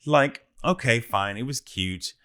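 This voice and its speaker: A man co-hosting a casual podcast chat, a non-native English speaker, easygoing and relaxed, with some hesitant restarts. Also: medium pitch, a little slow, clear, resonant tone. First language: not English. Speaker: podcast co-host.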